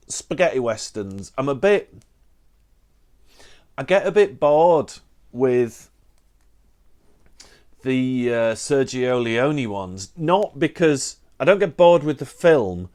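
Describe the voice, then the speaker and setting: Slow-talking chatty British man. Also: medium pitch, a little mellow. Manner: chatty, self-deprecating, rambling with restarts. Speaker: book collector vlogger. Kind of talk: casual chat to camera.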